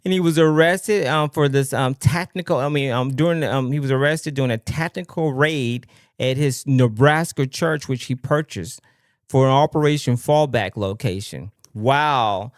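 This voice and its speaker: A man hosting a livestream, talking casually and haltingly with many fillers and frequent exclamations. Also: medium pitch, no room sound, clean studio sound. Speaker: livestream host.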